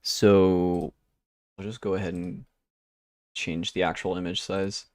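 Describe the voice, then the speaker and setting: A man's voice: sits low, level tone, takes it slowly, a little mellow, no room sound, clean studio sound. A young man streaming, chatting casually and rambling while he works, with easygoing talk and casual swearing. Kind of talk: casual chat while working.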